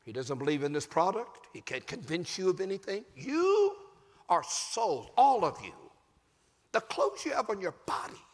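A man preaching a sermon as a pastor, with a fervent, emphatic delivery that rises to shouts. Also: high-pitched, sing-song, normal speed, long reverb tail. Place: large church sanctuary.

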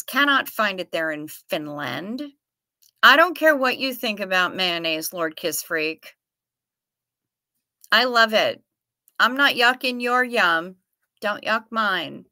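A woman with a Minnesota accent hosts a livestream, chatting casually and playfully reading viewer comments aloud. Her medium-pitched voice has a sharp tone and no room sound.

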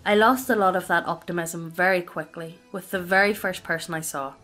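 A woman reading a personal story aloud as scripted narration, in a steady, even delivery. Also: fairly low pitch, fairly quick.

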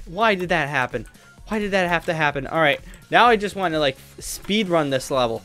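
A man's voice: a little high, lively intonation, a little fast, fairly bright tone. A young man commenting on his own gameplay, muttering to himself and breaking into frustrated outbursts. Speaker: gaming youtuber. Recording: faint game music behind.

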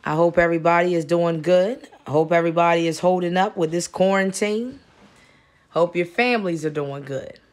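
A woman's voice: lowish voice, normal speed, a little mellow. A woman giving casual ranting commentary as a vlog commentator, blunt, profane and scolding, repeating her points for emphasis.

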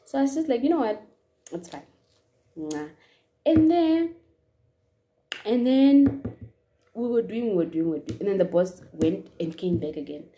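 A woman from Namibia tells a story in a casual vlog at a hair salon. She is animated and repeats words in quick strings. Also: medium pitch. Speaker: YouTuber.

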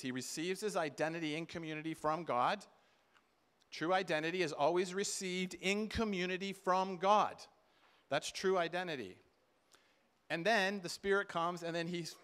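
A man's voice: on the high side, moderate pace, fairly bright tone, smooth. Emphatic man preaching at a conference. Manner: emphatic, acts out quoted voices in bursts. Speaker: conference speaker. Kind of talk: sermon. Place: conference hall.

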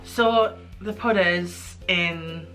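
British woman, young adult, animated self-mocking storyteller, bright crisp voice, faint music under it. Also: on the low side, very slow. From United Kingdom. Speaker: guest. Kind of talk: casual storytelling chat.

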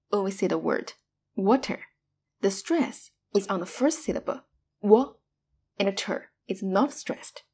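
A woman's voice: medium pitch, darkish tone, breathy edge. A woman teaching Mandarin pronunciation, modeling each syllable with exaggerated tones in a scripted lesson.

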